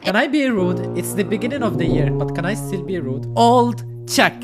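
A man's voice: high voice, sing-song, fairly quick, over loud music. A man hosting a reaction video, giving snarky, joking commentary between clips. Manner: snarky, joking asides, laughs often. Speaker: reaction channel host.

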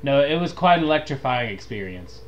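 Brief: male co-host, pun-happy and animated in pitch, light background hiss. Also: fairly quick. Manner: punning, goofy, lively. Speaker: gaming channel co-host. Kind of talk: casual let's play chat.

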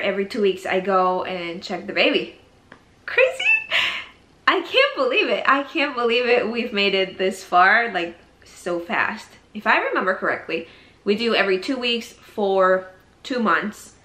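A woman's voice: on the high side, pushed and bright. A young woman chatting casually in a vlog, often out of breath and laughing as she talks. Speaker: vlogger. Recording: roomy echo.

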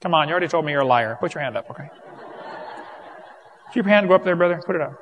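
A man's voice: fairly high pitch, lively intonation, racing, highs cut off, slight background noise. A man preaching an evangelistic sermon to a live audience, folksy and joking with the crowd. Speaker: creationist preacher.

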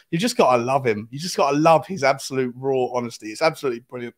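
A man's voice: mid-range voice, very fast, hardly any pauses. Chatty man hosting a live stream. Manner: chatty, greets viewers by name, reads chat aloud. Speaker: host of a live fan stream. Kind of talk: casual live-stream chat.

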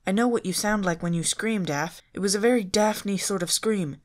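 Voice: mid-range voice, normal speed, voice pushed up, close to an everyday voice. A reader voicing Fred, an earnest young man shaken after a scare, insisting and breathless, in a fan fiction audiobook. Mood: insistent. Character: young adult male mystery-solving leader, earnest, shaken.

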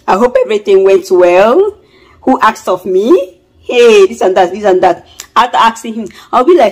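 A woman's voice: medium pitch, fairly quick, a little mellow, poor audio. A woman with a Nigerian accent talks straight to her viewers in a casual vlog. She frets aloud and circles back to the same worries, repeating her lines as she goes. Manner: chatty and fretful, repeats herself. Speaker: vlogger.

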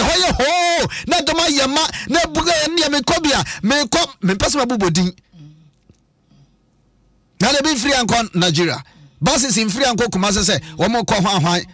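A Ghanaian man preaching on the radio as a pastor, mixing Twi and English, with bursts of shouting. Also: very high-pitched, far from the mic. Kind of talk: radio sermon. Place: radio studio.

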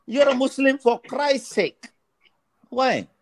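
A man in his fifties in a heated online debate, talking excitably and repeating words in quick bursts. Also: very high voice, heavy background noise. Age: 50s.

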